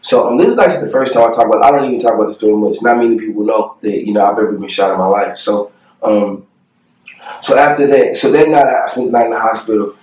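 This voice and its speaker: A young man with a fairly low voice retells a painful memory, earnest and halting, with many fillers along the way. He sounds a little off-mic, and the room around him is echoey. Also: darkish tone, distant mic. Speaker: family vlogger. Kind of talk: personal storytelling to camera.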